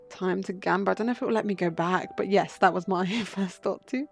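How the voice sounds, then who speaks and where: A woman streaming a game, chatting excitedly and playfully into a desk mic. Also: mid-range voice, a little fast, gravelly, few pauses, husky, soft background music. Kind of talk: casual game commentary.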